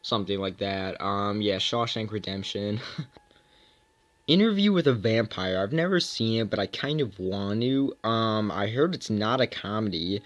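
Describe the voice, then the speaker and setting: A man's voice: on the low side, lively intonation, measured pace, highs cut off. Rambling young guy reviewing movies. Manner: rambling, lots of ums, self-mocking asides. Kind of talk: casual video review.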